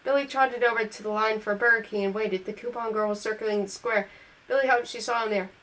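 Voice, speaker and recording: A woman's voice: on the high side, steady tone, a little fast, fairly bright tone, poor audio. A woman reading a novel aloud, correcting small slips as she goes and lifting her voice for the dialogue. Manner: reads on through slips and self-corrections. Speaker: audiobook reader.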